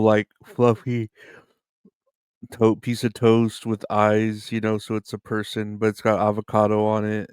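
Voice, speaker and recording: A man's voice: on the low side, vocal fry, darkish tone, clear, resonant tone, no echo, clean studio sound. A man hosting his podcast in a rambling, laid-back chat, swearing and chuckling as he goes. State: tired, yawning. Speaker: podcast host. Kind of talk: casual comedic chat.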